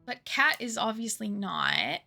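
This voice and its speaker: A woman's voice: medium pitch, wildly swooping pitch, a little slow, vocal fry, pushed and bright, faint music behind. A young woman streaming a game, chatting casually and thinking aloud as she mutters puzzle clues to herself. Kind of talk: casual let's-play commentary.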